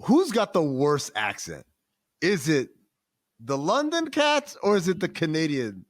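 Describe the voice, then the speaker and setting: A man hosting a casual podcast, talking loudly and animatedly with plenty of profanity. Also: fairly high pitch, wildly swooping pitch, measured pace, no room sound, studio quality. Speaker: podcast host.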